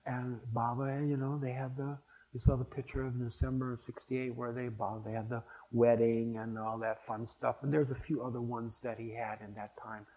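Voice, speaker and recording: A man's voice: mid-range voice, level tone, moderate pace, dark tone, low-quality recording. An older man speaking to a spiritual gathering, rambling and anecdotal, with frequent restarts as he reminisces. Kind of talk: reminiscing talk to an audience.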